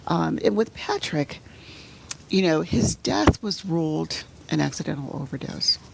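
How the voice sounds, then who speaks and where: A middle-aged woman telling a painful personal story as an interview guest, halting and full of fillers, sometimes sinking to a near-whisper. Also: low voice, animated, creaky, heavy background noise. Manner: halting, full of "you know" fillers and restarts; drops to a soft near-whisper at painful moments. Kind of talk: emotional personal storytelling in conversation.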